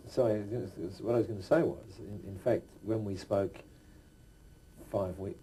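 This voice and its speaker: A man's voice: on the low side, steady tone, measured pace, crowd noise, rough recording. A man interviewing a guest and prompting him with questions, often restarting his sentences. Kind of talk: conversational interview.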